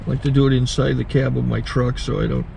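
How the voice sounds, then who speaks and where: Man, gravelly voice, casual vlog chat, inside a truck cab, faint outdoor noise. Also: mid-range voice, fast. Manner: relaxed, chatty, explains step by step. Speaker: channel host.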